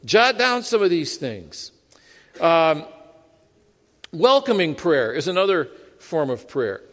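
Male pastor, sermon delivery; higher register, conversational, self-deprecating humor; reverberant sanctuary. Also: very animated, slow. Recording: long hall reverb.

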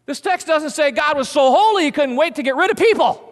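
A man preaching a sermon, animated and conversational, swinging from hushed asides to booming emphasis. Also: fairly quick, hardly any pauses. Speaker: pastor. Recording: long hall reverb.

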